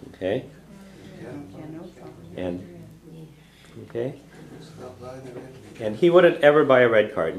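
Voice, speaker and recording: A man with a fairly low voice leads a classroom language lesson, explaining patiently and often checking in with "okay?" The room is echoey. Students murmur in the background. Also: big pitch swings, slow, pauses often, a crowd in the background. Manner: models phrases for students to repeat. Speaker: language teacher.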